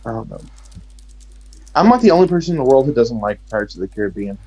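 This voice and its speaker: A man's voice: medium pitch, big pitch swings, quick pace, a little mellow, breathy edge, lo-fi sound. A man from Texas speaking with an American accent, rambling and joking sarcastically in casual chat.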